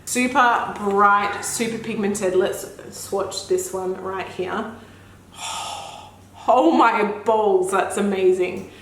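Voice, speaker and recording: A young mother and beauty vlogger gushes and gasps her way through an excited makeup unboxing, full of effusive exclamations. Her medium-pitched, slightly bright voice is oddly flat in delivery and slow. The room is echoey with faint ambience.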